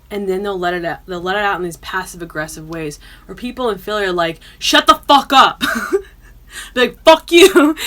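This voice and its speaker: A woman hosting her own podcast in casual chat, loud and profane, often bursting into yelling. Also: mid-range voice. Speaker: podcast host.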